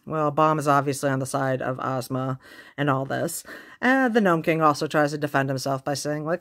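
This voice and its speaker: A woman's voice: low-pitched, normal speed, fairly bright tone. A woman casually retelling a storybook in a car, chatty, laughing often and filling with ums. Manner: chatty, laughing, many fillers. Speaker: book vlogger. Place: inside a car.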